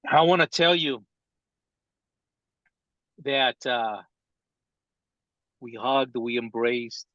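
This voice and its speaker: A man telling a painful personal story in a live training talk, speaking slowly and haltingly with long pauses. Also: mid-range voice, fairly bright tone, no echo, muffled recording.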